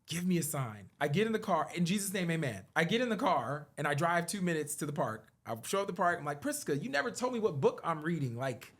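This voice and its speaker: A man in casual conversation as a podcast guest, telling a story in an earnest tone and acting out conversations with big jumps in pitch and loudness. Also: very animated, quick pace, few pauses. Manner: earnest and reflective when talking about his work and faith.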